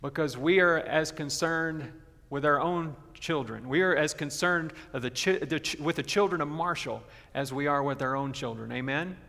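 Gravelly-voiced pastor preaching in a hall. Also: male voice, on the high side, pushed and bright. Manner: earnest preaching, slowing down to stress key points. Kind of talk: sermon. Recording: long reverb of a large hall.

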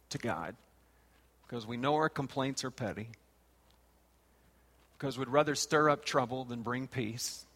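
A man's voice: medium pitch, a bit bright. A man preaching a sermon and reading scripture aloud, his voice rising and falling. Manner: rises and falls, reads scripture aloud. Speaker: pastor. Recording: long hall reverb.

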